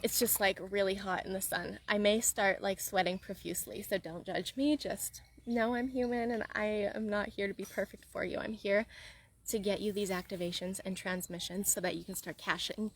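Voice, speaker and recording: A woman coaching viewers in a masterclass, gushing and repetitive, full of "like" and "okay", outdoors in the hot sun. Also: dry recording. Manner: gushing, swings into high excited squeals; repeats herself, lots of "like" and "okay". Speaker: money coach.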